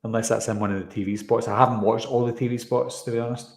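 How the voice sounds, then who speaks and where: A man's voice: mid-range voice, little pitch movement, fast. A man hosting a live stream, casually reading out and answering viewer comments with a rambling, chatty manner. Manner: chatty, rambling, frequent fillers. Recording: roomy echo.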